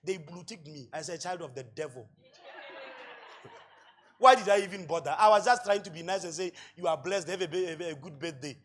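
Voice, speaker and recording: Botswana pastor guy giving a sermon, kinda husky, raises his voice a lot. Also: on the high side, moderate pace. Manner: preaching with rising shouts, laughter and rhetorical questions. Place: church hall.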